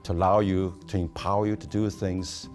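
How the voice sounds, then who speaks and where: A man's voice: low-pitched, little pitch movement, moderate pace, a little mellow, faint music behind. An enthusiastic man in an interview, ending points with "right?".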